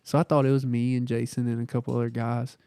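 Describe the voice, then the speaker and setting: A man's voice: medium pitch, little pitch movement, dark tone, clear, resonant tone, no room sound. A man co-hosting a podcast in easygoing casual chat, telling stories that poke fun at himself. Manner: easygoing, quick to laugh, joking about himself. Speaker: podcast co-host.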